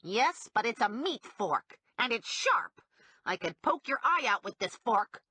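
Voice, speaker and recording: A frantic small man screeches and whines, as a woman narrator puts him on in an audiobook. His voice is bright and jumps around wildly in pitch, with a slightly breathy edge. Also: very animated, unhurried, no echo, heavily acted. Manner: shrill and hysterical. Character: frantic, whiny small man cornered and lashing out.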